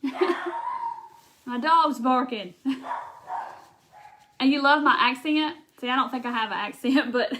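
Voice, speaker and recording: A woman with a Southern accent chats through a live crafting session. Her voice sits a little high, and her talk is folksy and loose, full of asides and small laughs. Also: sing-song, slow pace, long pauses, a bit bright, slight background noise. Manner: chatty, folksy, laughs often, thinks aloud. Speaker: craft livestream host. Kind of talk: casual chat while crafting.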